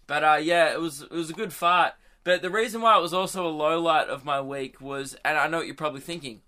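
A man's voice: fairly high pitch, quick pace, few pauses, pushed and bright. A young man hosting a podcast, telling a rambling, self-amused story and laughing at his own jokes. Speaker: podcast host. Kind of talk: casual storytelling monologue.

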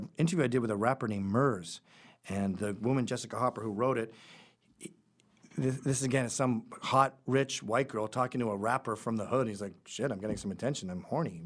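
Blunt, sarcastic middle-aged man. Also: mid-range voice. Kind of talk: opinionated monologue.

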